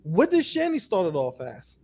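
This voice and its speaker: High-voiced animated man venting. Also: moderate pace. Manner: animated, profane, mimics people. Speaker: co-host. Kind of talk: casual chat.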